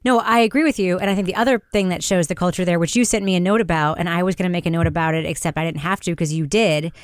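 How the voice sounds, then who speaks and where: A woman hosts a podcast, steering the talk in a loose, chatty way. Her voice sits at an ordinary pitch and is recorded close and dry, with no room sound. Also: clean tone, dry recording. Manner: chatty, leads the discussion. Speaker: podcast host. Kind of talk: casual chat.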